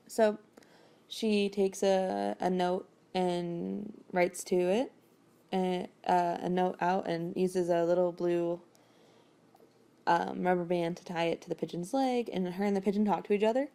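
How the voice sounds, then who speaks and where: A woman's voice: fairly low pitch, steady tone, a little slow, gravelly, mellow. A woman hosting a podcast, casually recapping a book in a chatty, rambling way. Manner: chatty, rambling, with frequent fillers and laughs. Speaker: podcast host recapping a novel. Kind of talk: casual chat.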